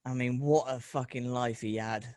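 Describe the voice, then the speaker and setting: A middle-aged man hosting a loose, casual talk. He rambles through stories, swears freely and jumps into animated voices. The recording is dry and close. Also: medium pitch, moderate pace, no room sound. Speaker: podcast host. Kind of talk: casual chat.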